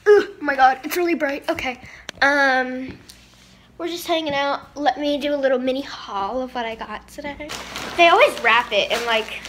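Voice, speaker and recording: Chatty high-voiced young woman vlogging. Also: moderate pace, a bit bright, slight background noise. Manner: chatty, scattered, says she is tired. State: hiccups. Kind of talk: casual vlog chat to camera.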